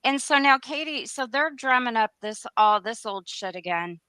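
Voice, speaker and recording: A woman's voice: fairly high pitch, animated, normal speed, pushed and bright, no echo, rough recording. A woman calling in to a show, talking in a casual, loose way with slips and restarts. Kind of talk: casual call-in chat.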